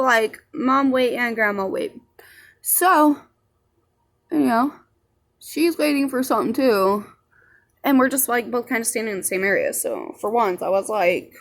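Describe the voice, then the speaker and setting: A woman's voice: on the high side, a bit bright. A young woman telling a rambling story in a casual vlog, swearing freely and chatty. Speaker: vlogger.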